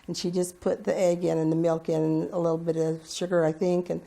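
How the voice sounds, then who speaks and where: Casting: woman, lowish mellow voice with gravel, fond musing. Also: level tone, brisk. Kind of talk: oral history reminiscence.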